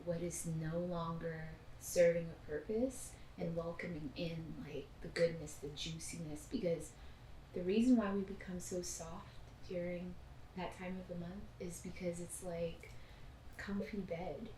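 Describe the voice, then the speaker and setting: A woman leading a casual group conversation, talking in a gentle, reflective, spiritual way. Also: fairly low pitch, fairly even intonation, a little slow, a little hiss or hum. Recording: echoey room from a distance.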